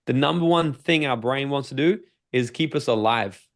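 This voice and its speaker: A man with an Australian accent, a personal development coach talking as a podcast guest, energetic and swearing freely as he acts out his own inner voice. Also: medium pitch, normal speed.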